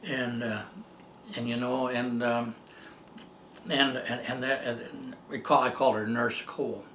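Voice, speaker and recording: An older man telling a personal story as a testimonial, rambling and halting, with many fillers and restarts. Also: mid-range voice, flat delivery, a bit bright, reverberant, slight background noise. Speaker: patient giving a testimonial. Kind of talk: storytelling tribute.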